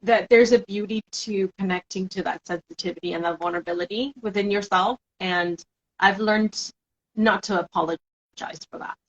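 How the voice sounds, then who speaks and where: A woman hosting a live chat series, emotional and expressive, often laughing as she talks. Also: mid-range voice, normal speed, muffled recording. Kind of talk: casual interview chat.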